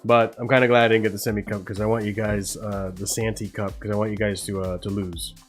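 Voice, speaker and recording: A man's voice: lowish voice, little pitch movement, fast, soft background music. An American man hosting a casual football watch-along livestream and chatting directly with his viewers as he wraps up. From United States. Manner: chatty, talks straight to chat, swings between upbeat and mumbled asides. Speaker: livestream host.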